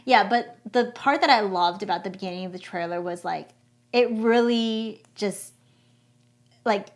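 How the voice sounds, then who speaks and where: A woman's voice: mid-range voice, unhurried. A woman co-hosting a podcast, chatting casually and enthusiastically with lots of filler words. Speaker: podcast co-host. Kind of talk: casual chat.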